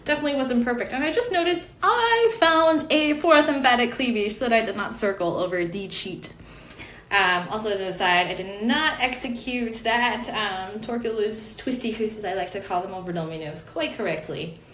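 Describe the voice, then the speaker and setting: A woman's voice: medium pitch, normal speed, a bit bright, reverberant. A woman giving an online lesson on chant notation, explaining patiently with fillers and small asides. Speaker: chant teacher.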